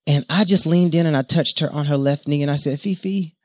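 A man delivers an interactive sermon, his voice sitting on the higher side for a man. He calls out questions and draws answers from the congregation, then slips into steady yoga-style breathing and posture cues. The sound is dry and close, with little room around it. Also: quick pace, no room sound. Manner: animated, addresses the congregation directly, draws on personal stories. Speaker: preacher and yoga teacher. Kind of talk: interactive sermon with call-and-response.

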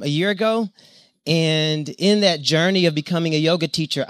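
A man delivers an interactive sermon, his voice sitting on the higher side for a man. He calls out questions and draws answers from the congregation, then slips into steady yoga-style breathing and posture cues. The sound is dry and close, with little room around it. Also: no room sound. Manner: animated, addresses the congregation directly, draws on personal stories. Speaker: preacher and yoga teacher. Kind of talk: interactive sermon with call-and-response.

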